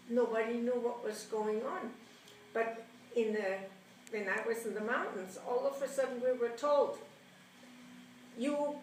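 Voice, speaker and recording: Older woman, roomy distant sound. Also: mid-range voice. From Germany. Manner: animated, laughs often, acts out quotes. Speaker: interviewee recounting childhood. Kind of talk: oral history storytelling. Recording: roomy, distant mic, faint noise.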